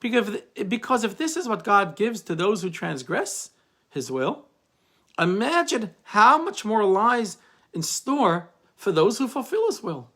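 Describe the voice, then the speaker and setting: Hopeful old sage, calm and husky , put on by a male teacher. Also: high voice, unhurried, heavily acted. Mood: reassuring.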